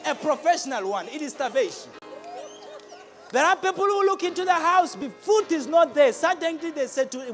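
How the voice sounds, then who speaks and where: A man preaching a lively church sermon, swinging from shouts to low asides and laughing often. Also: moderate pace, faint music behind. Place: church hall with congregation.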